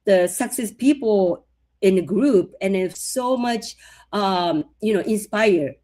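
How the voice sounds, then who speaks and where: A woman's voice: medium pitch, slow pace. A woman co-hosting a casual podcast chat, talking loosely with lots of fillers and agreeing readily. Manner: chatty, many fillers, warm agreement. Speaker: co-host.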